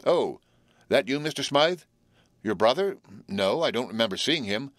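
A man's voice: medium pitch, animated, normal speed, fairly bright tone, no echo, clean studio sound, close to an everyday voice. A man reading the part of a fat, flustered hotel proprietor who blusters and reassures.

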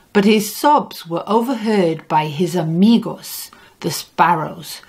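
A female audiobook narrator with a mid-range, breathy-edged voice reads a children's story in a soft, expressive read-aloud style, mixing Spanish words into English sentences.

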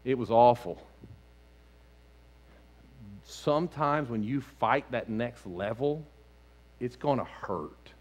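A man preaching a sermon as lead pastor in a church sanctuary, animated, swinging between loud outbursts and hushed lines. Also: mid-range voice, slow, long pauses.

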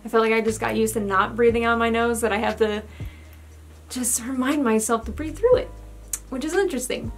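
A woman's voice: a little high, a little fast, faint music behind. A young woman giving a casual vlog update, chatty and candid with lots of fillers, a little out of breath. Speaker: vlogger.

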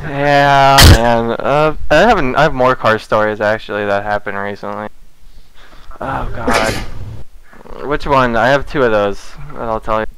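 A man's voice: mid-range voice, fairly even intonation, unhurried, a bit bright, a little hiss or hum, rough recording. A man casually telling a rambling, profane story to friends, laughing through it.

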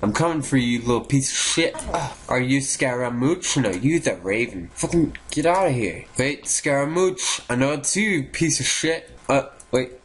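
A young man doing let's play commentary, profane and excitable, swinging between low mutters and sudden high yelps. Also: moderate pace, few pauses, husky. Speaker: gaming YouTuber.

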